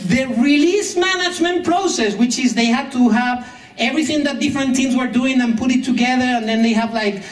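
A woman with a fairly high voice delivers a humorous conference talk, dry and sarcastic, often laughing at her own jokes. The sound carries the echo of a big hall, with her voice picked up from some way off the mic. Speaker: conference speaker. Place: conference hall with translation booth. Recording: echoey hall, mic at a distance.

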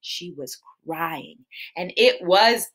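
A woman children's entertainer telling a story to preschoolers in an animated, sing-song way and asking the kids questions. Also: fairly low pitch, slow pace. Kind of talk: preschool storytelling live stream.

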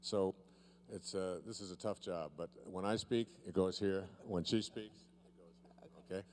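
At a live seminar in front of an audience, a man with a low, slightly mellow voice and fairly even intonation leads a demonstration, teasing a volunteer and drawing out key words playfully. The handheld mic is held by the volunteer, and there's a little background noise.

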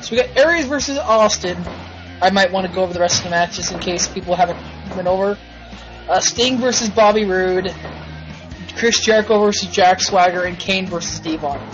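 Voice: mid-range voice, brisk, over music. Ranting, foul-mouthed game show host. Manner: profane, ranting, frustrated. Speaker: host running a simulated wrestling show. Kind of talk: live play commentary. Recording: dull lo-fi recording.

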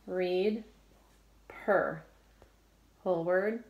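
A woman's voice: on the low side, extremely slow, roomy sound, dull audio, noisy background. A woman teacher leading a recorded phonics lesson, giving patient, encouraging, step-by-step prompts.

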